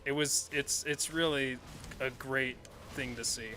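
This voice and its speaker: A man's voice: medium pitch, steady tone, a little slow, sharp tone, faint music behind. A man streaming a video game, chatting casually in a rambling, self-correcting way and swearing often. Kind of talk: casual live-stream commentary while playing.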